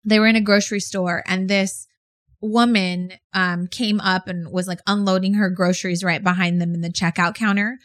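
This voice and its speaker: Frank, animated woman co-host. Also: medium pitch, normal speed. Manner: frank, animated storyteller with swearing. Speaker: podcast co-host. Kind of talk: casual chat.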